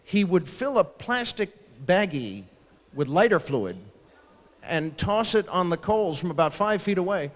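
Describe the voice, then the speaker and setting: Animated stand-up comic in a big hall. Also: male voice, sits high. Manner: animated, acting out family members in quick asides. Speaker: stand-up comedian. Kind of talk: stand-up routine. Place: large ballroom stage at a live fundraiser. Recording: long hall reverb from a large ballroom.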